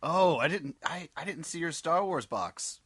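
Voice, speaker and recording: A man cohosts a loose comedy chat, needling his friend and swearing as he goes. His pitch swings widely from line to line, and the recording is dry and close. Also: lively intonation, measured pace, fairly bright tone, breathy edge, dry recording. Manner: teasing, swearing, jokey. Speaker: podcast co-host.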